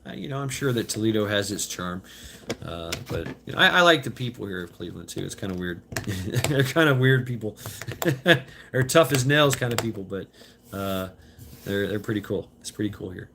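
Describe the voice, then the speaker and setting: A man's voice: lowish voice, animated, vocal fry, noisy background. A man in his fifties rambling casually while out on a walk, loose and profane, stopping and restarting often as he answers viewer chat. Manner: loose, profane, halting with many fillers and restarts. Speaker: vlogger reading viewer chat. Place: outdoors on a walk.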